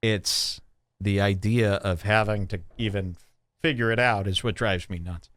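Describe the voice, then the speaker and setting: A man hosting a podcast, delivering a mocking comedic rant with exaggerated swings between loud and low. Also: fairly even intonation, unhurried, no echo, studio quality. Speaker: podcast host. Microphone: studio microphone.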